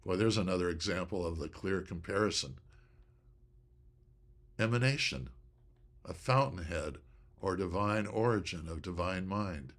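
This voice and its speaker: A man giving an inspirational teaching talk on studying scripture, speaking deliberately and stressing key words. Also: low-pitched, a bit bright. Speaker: presenter of a Bible study talk.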